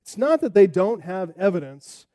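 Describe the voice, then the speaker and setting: A man's voice: high-pitched, sing-song, moderate pace, warm tone. A man preaching a sermon, emphatic and rising and falling, sometimes acting out the taunts of a crowd. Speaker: pastor.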